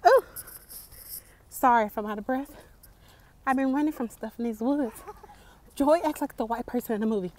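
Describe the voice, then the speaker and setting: A woman's voice: on the high side, moderate pace, pauses often, a little mellow. A young woman, chatting casually to her viewers in a playful, exclamatory vlog. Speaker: vlogger.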